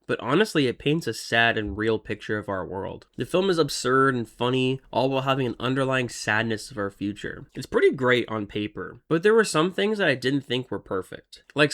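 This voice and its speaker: A man's voice: medium pitch, a bit bright. A man giving casual, blunt movie reviews, often filling with "like". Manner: blunt and informal, peppered with "like".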